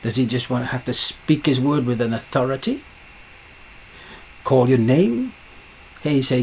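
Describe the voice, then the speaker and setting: A man's voice: mid-range voice, very animated, a little slow, long pauses, a little mellow, slight background noise. A man preaching a sermon, pressing his points with repeated rhetorical questions.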